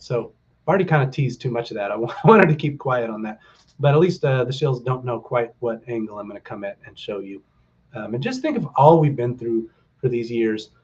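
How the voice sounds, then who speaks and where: Middle-aged male stream host, loose and upbeat, fills gaps with ums, rallies his viewers; slightly dull home-mic sound. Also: medium pitch. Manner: rambling, upbeat and rallying, with many fillers. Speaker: stock market livestream host. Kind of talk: casual livestream chat to viewers.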